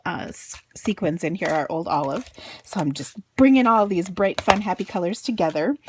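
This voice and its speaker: A woman's voice: fairly low pitch, slight background noise. A woman in her thirties chatting casually as she makes a greeting card, telling a funny family story and laughing often. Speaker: card-making crafter and blogger. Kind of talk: casual storytelling while crafting.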